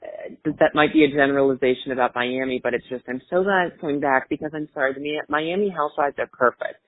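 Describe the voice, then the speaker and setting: A talkative man hosting a podcast, rambling through casual chat with plenty of fillers. His voice sits fairly high and sounds dry and close, squeezed into a thin phone-like band. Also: fast, no echo. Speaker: podcast host.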